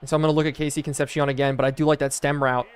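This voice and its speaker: A young man streaming a football video game, calling plays excitedly and chatting with viewers between snaps. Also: medium pitch, very fast, clean tone. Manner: excitable, chatty, answers chat mid-play. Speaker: gaming streamer. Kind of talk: live gameplay commentary with chat.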